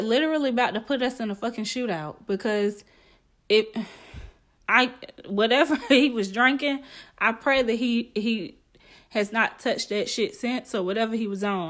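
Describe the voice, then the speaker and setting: A young woman spins a story time on her podcast, chatty and animated, her voice sitting at an ordinary middle pitch. She swears freely and keeps calling her listeners honey as she talks. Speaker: podcast host. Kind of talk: casual storytelling.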